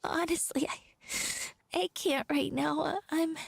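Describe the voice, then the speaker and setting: A grieving young florist talks through tears in a very high, slow voice, as a woman plays her. Her words come out haltingly and her voice has some creak. The sound is dry and close. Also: steady tone, dry recording, heavily acted. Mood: tearful. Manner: halting, hesitant. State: tearful.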